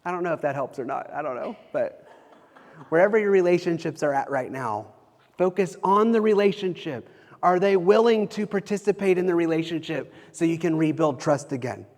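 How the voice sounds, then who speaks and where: A man in his thirties, a pastor, preaches in a loose, conversational way. His voice sits a little high for a man, and he often restarts and repeats phrases. The sound carries a long reverb tail, as if from a church sanctuary. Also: a little mellow. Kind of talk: sermon.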